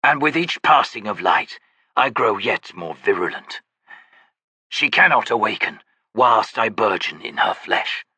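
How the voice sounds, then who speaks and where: A broken, chained creature, as a man reads him rasps and wheezes through slow, low, quiet lines. He sounds bitter and menacing, drawing out every word. The voice is husky and dry. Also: animated, dry recording, full character voice. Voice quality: rasping, wheezing.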